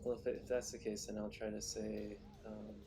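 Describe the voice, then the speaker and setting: A player thinking out loud at the table, hesitant and full of fillers. His voice is low and flat, and music plays behind him. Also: normal speed.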